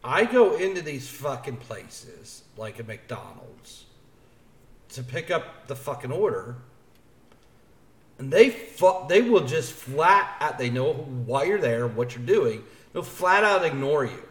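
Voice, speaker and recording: A man's voice: mid-range voice, big pitch swings, takes it slowly, fairly bright tone. A man co-hosting a podcast, ranting in profane, fired-up casual chat about bad service. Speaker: podcast co-host. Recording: roomy echo.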